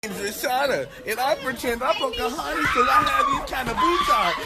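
A teenage girl shouting roast introductions, often laughing as she speaks. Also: high voice, wildly swooping pitch, a little fast, heavy background noise.

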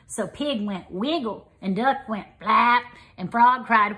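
High bright lady reading a kids' picture book, slow and singsongy. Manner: expressive, sing-song read-aloud. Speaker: storyteller.

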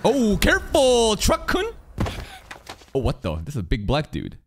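A man commenting casually on an anime as a reaction streamer, excitable and profane, often laughing. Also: high voice, a little slow, a little hiss or hum. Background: anime soundtrack music.

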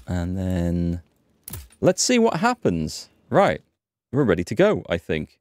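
A man's voice: low voice, huge pitch swings, takes it slowly, dry recording. A man hosting a gaming channel, chatting and thinking aloud as he plays. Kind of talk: let's-play commentary.

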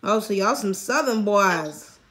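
A young woman from Massachusetts chatting casually on a phone video app, slangy, profane and quick to giggle. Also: mid-range voice, lively intonation, a bit bright. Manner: giggly, slangy, profane, talks straight to viewers. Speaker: vlogger.

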